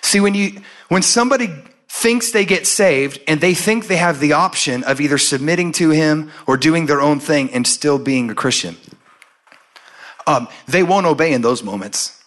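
A man preaching a sermon and telling a personal story, acting out the voices in it with lively storytelling. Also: on the high side, moderate pace. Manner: animated storytelling, acts out his own and God's lines.

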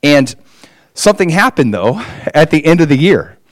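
Man preaching an animated testimony. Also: on the high side, normal speed, no echo. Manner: animated storytelling, emphatic rises. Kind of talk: personal testimony sermon.

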